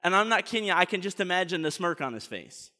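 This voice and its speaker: A man preaching a sermon as the pastor, telling the story in an animated way and tripping over repeated words. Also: high-pitched, quick pace, long reverb tail.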